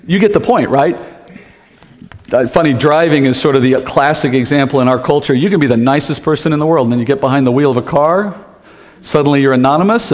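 A pastor preaching a conversational sermon, tossing in rhetorical questions and light jokes. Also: male voice, medium pitch. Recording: long hall reverb.

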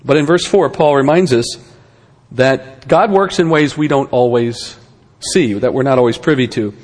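A man's voice: mid-range voice, moderate pace, darkish tone, in a large hall. A man giving a conversational Bible lesson, with rhetorical questions and wry asides. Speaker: Bible teacher.

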